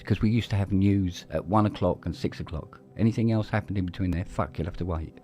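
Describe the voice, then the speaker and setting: A man's voice: low-pitched, steady tone, a little fast, hardly any pauses, darkish tone, soft background music. A middle-aged man telling a rambling story in casual chat, swearing freely and restarting his sentences. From London, England. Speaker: podcast co-host.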